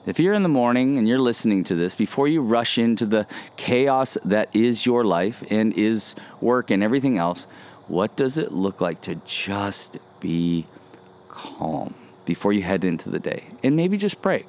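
A man's voice: lowish voice, expressive, moderate pace, a little mellow, slight background noise. A man hosting a casual devotional podcast outdoors, speaking earnestly and encouragingly and often repeating phrases. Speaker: podcast host. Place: outdoors by a pool.

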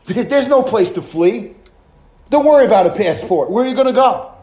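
A male pastor with a high voice preaches fervently and calls out hallelujahs between points. He throws rhetorical questions at the congregation. His voice echoes around a roomy, reverberant room. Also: lively intonation, normal speed, warm tone. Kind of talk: sermon.

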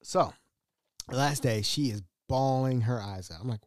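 A man's voice: mid-range voice, moderate pace, dry recording. A man hosting a podcast, telling a story casually, laughing often and acting out other people's voices. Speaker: podcast host.

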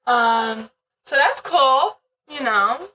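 Blunt, high-voiced woman co-host. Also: animated, very slow, bright, forceful tone, distant mic, rough recording. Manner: blunt, swears freely, rambling asides. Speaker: podcast co-host. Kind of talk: casual chat.

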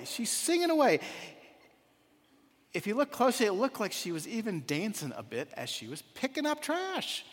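A man's voice: high voice, a bit bright. Earnest male preacher in an echoing hall. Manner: earnest, reflective. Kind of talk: sermon with acted storytelling.

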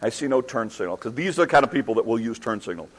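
A middle-aged man preaching a sermon as a pastor, telling a story with animated, self-deprecating humor and excited restarts. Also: medium pitch, rapid-fire, rough recording. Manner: restarts and repeats words when excited.

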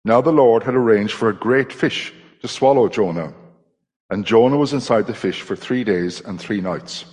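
A man reading a scripture passage aloud in church, measured and dramatic. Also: lowish voice, a little mellow, slightly rough. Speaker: scripture reader. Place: church hall. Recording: long hall reverb.

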